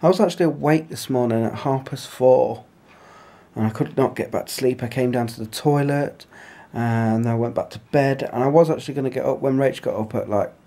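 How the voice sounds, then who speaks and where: A man chatting casually to camera as a family vlogger, rambling in a homely way at home, recorded on a handheld compact camera. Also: fairly quick. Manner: chatty, rambling, homely; softer and lower on asides.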